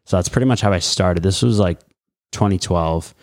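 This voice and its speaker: Casting: man, late twenties, deep and very low, rambling casual storyteller, dry close sound. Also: moderate pace, dry recording. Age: late 20s. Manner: rambling, many fillers and acted-out quotes. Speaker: guest, mixed martial arts fighter.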